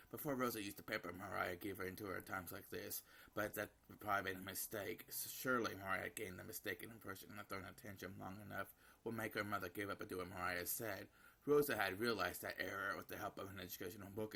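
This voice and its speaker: A man narrating a visual novel aloud as he plays. His voice is deep and gravelly with a bright edge, and it stays flat. He stumbles now and then and corrects himself. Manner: reading with slips and self-corrections. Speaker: gameplay narrator.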